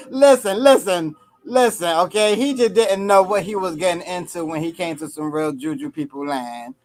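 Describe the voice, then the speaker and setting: A man's voice: high-pitched, unhurried, bright, forceful tone, faint music behind. A man co-hosting a live stream, chatting casually and teasing with a playful, laughing manner. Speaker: co-host of a live spiritual reading stream. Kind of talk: casual chat.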